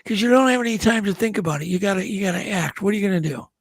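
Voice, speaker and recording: High-voiced husky male podcast host. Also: racing, no echo. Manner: probing, joking questions. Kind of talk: casual interview.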